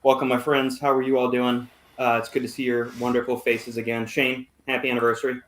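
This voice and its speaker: A man's voice: mid-range voice, monotone, brisk, fairly bright tone. A man hosting a podcast panel, giving showy, playful introductions. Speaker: podcast host. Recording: roomy echo.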